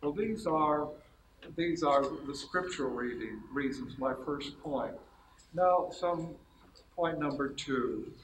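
A man's voice: on the high side, slow, reverberant, a little hiss or hum, low-quality recording. A man giving a lecture-style Bible teaching to a gathered group, laying out numbered points methodically and correcting himself as he goes. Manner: methodical, enumerates points, frequent self-corrections. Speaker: speaker giving a Bible talk.

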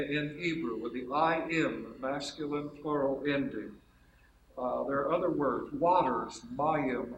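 In this low-quality, reverberant recording with a bit of background noise, a man with a mid-range voice teaches from the Bible to an assembled group. His approach is lecture-like and methodical, working through numbered points and frequently correcting himself.

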